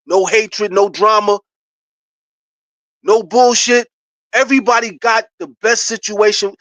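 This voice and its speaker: A man gives excited, casual basketball commentary straight to his viewers. He is animated and hyped, and breaks into laughs and shouts. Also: sits high, no room sound. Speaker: sports commentator vlogger.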